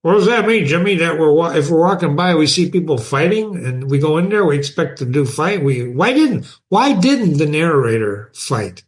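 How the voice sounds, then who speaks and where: A man's voice: a little high, moderate pace, few pauses. A man hosting a show, reading a novel aloud and often stopping to explain passages to his listeners. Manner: animated, breaks off the text to explain it.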